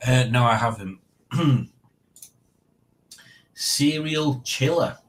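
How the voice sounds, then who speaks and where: Speaking very slowly in a mid-range voice, a livestream host chats casually with his viewers. He rambles along and pokes fun at himself as he goes.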